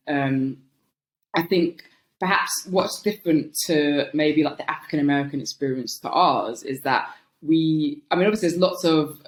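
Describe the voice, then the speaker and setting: A woman from North London with a London accent, a guest talking in a thoughtful, animated, casual way, laughing often and filling with um and like. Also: low-pitched. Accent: London English. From North London, England. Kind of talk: casual conversational interview.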